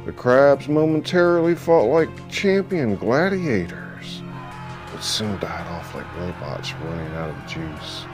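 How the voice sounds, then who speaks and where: Low-voiced, lively male story narrator. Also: slow pace. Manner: dramatic, emphatic reading. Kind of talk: expressive audiobook narration. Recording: faint background music.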